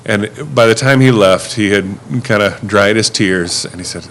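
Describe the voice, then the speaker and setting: A man's voice: fairly low pitch, moderate pace, hardly any pauses, fairly bright tone, a little hiss or hum. A man who works as a rideshare driver telling stories in a casual chat, mimicking his passengers. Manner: easygoing storyteller, mimics passengers. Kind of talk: casual storytelling on a podcast.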